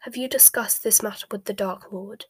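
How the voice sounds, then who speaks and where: A woman reading a calculating male dark wizard aloud in a soft, whispered storybook voice, with a smooth, measured manner. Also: medium pitch, no echo, lightly acted. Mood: cold.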